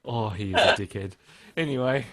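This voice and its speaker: A man's voice: medium pitch, brisk, crowd noise. Blunt, rambling man. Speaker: podcast co-host. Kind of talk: casual chat.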